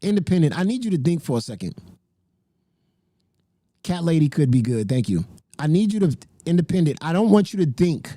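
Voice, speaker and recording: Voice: mid-range voice, sing-song, brisk, long pauses, dark tone, dry recording, clean studio sound. A livestream host chatting casually with viewers, laughing often and swearing freely.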